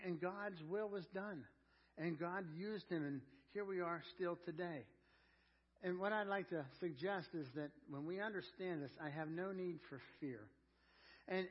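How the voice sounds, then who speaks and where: A man preaching an earnest sermon, sinking to a hushed low voice and rising loud on key words. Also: breathy edge, muffled recording. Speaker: pastor.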